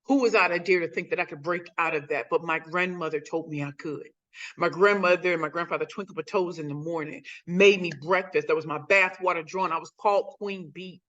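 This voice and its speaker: Her voice is fairly low and fairly even, with a fairly bright tone, and she talks briskly over dull audio. She's a St. Louis woman in her forties telling her life story on a video call as a motivational guest speaker, stressing points by repeating phrases.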